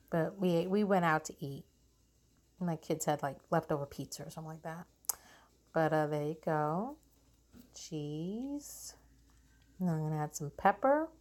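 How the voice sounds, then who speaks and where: Chatty woman cooking at home, lower-pitched. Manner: chatty, with frequent ums and self-corrections. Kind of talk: casual cooking vlog. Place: home kitchen.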